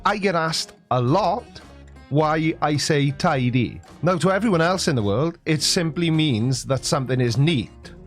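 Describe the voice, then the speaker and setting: A man's voice: a little high, animated, measured pace. Jokey Welsh man, music behind. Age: 40s. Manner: sarcastic, jokey. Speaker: YouTuber. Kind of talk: comic explainer monologue.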